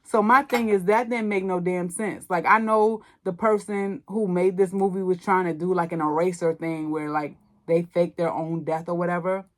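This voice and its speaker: Female podcast host, lowish voice, casual, profane, animated recap style. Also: normal speed. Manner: blunt, animated storytelling with slang and profanity. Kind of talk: casual movie review chat.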